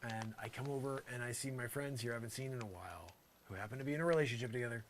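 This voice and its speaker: A man's voice: mid-range voice, rapid-fire, few pauses, slight background noise. A man hosting a live show, delivering an improvised comedy monologue in a rambling, mock-aggrieved way, full of "you know".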